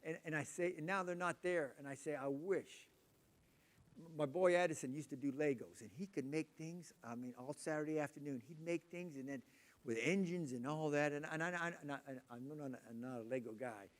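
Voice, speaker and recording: A man in his sixties preaching a sermon, telling loud, animated family stories. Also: on the high side, brisk. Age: 60s.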